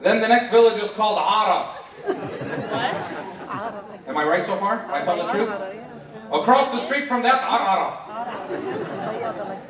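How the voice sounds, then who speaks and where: High-voiced man doing stand-up. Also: lively intonation, unhurried, pauses often. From Palestinian heritage. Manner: teasing, mock-scolding, playful rhetorical questions. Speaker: stand-up comedian. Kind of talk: stand-up comedy set. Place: large banquet hall. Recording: echoey hall, distant mic, crowd laughter. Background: audience laughter.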